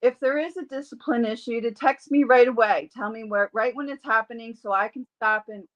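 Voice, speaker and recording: A woman guest in a casual interview, an animal communicator and Reiki healer telling lively stories and acting out the voices she quotes. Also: on the high side, brisk, highs cut off. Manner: animated storyteller who acts out quoted voices.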